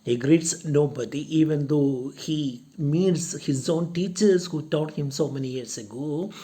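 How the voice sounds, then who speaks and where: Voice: mid-range voice, mellow. A lecturer explaining a play to students, going over each point again and again with strings of synonyms. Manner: slow, repeats points with lists of synonyms.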